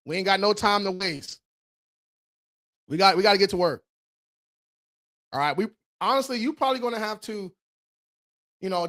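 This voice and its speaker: A man with a fairly high voice hosts a casual live-stream Q&A about credit. He talks loose and slangy, swears freely and laughs often, and he keeps firing off quick rallying calls to his viewers. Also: a bit bright. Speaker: credit repair host.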